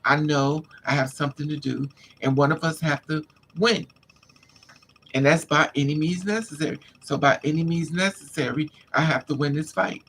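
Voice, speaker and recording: Man, livestream storytelling, gravelly, bright higher voice, emphatic and casual, faint noise behind. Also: steady tone, moderate pace. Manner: emphatic, street-casual, addresses listeners as honey and child. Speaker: livestream host. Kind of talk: candid personal storytelling.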